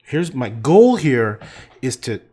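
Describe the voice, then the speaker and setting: A man chats casually on a painting livestream, rambling and joking with plenty of swearing. His pitch bounces around a lot, though it sits in a middle register. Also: big pitch swings, takes it slowly, darkish tone, breathy edge. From Canada.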